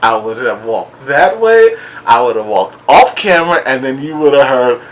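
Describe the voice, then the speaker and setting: A man casually recapping and reviewing a TV episode, animated and laughing as he acts out what people said. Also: mid-range voice, moderate pace, rough recording. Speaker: show reviewer.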